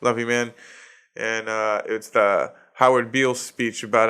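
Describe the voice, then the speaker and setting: A man's voice: lowish voice, little pitch movement, measured pace, sharp tone, smooth. A man in his thirties with a Boston accent, hosting his own comedy podcast in a profane, ranting solo monologue and laughing at his own jokes. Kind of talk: casual solo podcast rant.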